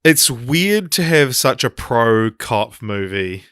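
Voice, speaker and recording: Give me a male podcast co-host chatting casually about films. His voice is clear and resonant with a forceful brightness. The recording is dry, and his talk wanders with frequent ums and restarts. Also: mid-range voice, big pitch swings, slow, no echo. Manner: rambling, many ums and restarts. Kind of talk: casual film podcast chat.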